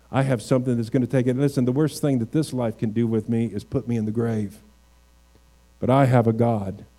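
A male pastor delivers a sermon in a warm, medium-pitched voice. He reads scripture slowly, then builds to emphatic, raised crescendos.

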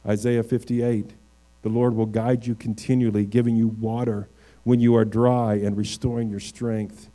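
A man's voice: fairly low pitch, flat delivery, mellow. A male pastor preaching a sermon, reading scripture and building to emphatic, raised points. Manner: reads scripture slowly, then builds to emphatic, raised crescendos.

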